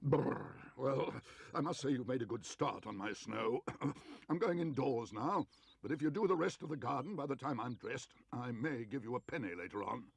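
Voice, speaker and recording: A man voicing a fussy, bad-tempered older male neighbour who blusters and shouts in a storybook reading. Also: medium pitch, animated, normal speed, creaky, breathy edge, no echo. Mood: blustering.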